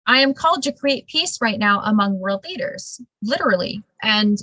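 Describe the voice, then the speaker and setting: A woman host talks in a lively, emphatic manner through a casual interview, with a medium-pitched voice. Her voice sounds dry and close, with no room around it. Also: moderate pace, dry recording, rough recording. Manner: animated, emphatic storytelling with laughs. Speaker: show host.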